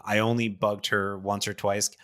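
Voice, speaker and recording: A man hosting a casual chess podcast, energetic and animated, joking about himself. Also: on the low side, moderate pace, dry recording, clean studio sound. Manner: energetic, animated, self-deprecating. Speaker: podcast host.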